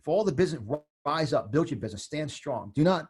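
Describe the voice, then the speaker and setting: On a podcast, a fifty-something New Yorker with a matching accent talks politics with intense passion, often repeating himself for emphasis. His voice is a little high, a little mellow, and slightly rough, with lively intonation and a quick pace.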